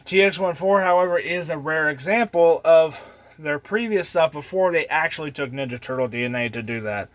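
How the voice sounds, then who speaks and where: A man's voice: a little high, fairly quick. A young man hosting his own channel, rambling casually with lots of ums and little chuckles. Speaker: channel host.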